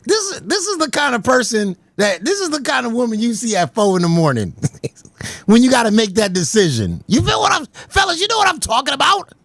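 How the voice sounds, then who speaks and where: A man giving casual livestream commentary, animated, laughing often and stammering over repeated words. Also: extremely high pitch, fairly quick, dry recording.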